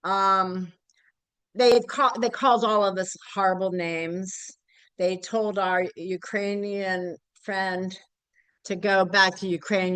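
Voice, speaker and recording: A woman's voice: mid-range voice, steady tone, takes it slowly, fairly bright tone, clear, resonant tone, dry recording, rough recording. Blunt, rambling older woman. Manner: candid, blunt and rambling with frequent fillers. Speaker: local activist group member. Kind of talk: speaking at a community group meeting.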